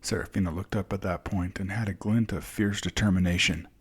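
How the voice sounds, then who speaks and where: A man reading fantasy narration in a slow, calm, descriptive way. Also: low voice, husky. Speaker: storyteller.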